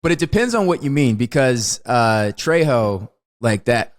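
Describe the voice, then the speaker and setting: Man, casual podcast movie chat, lively swooping pitch, animated, quick to laugh. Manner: animated, acts out movie lines loudly, laughs often. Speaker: podcast panelist.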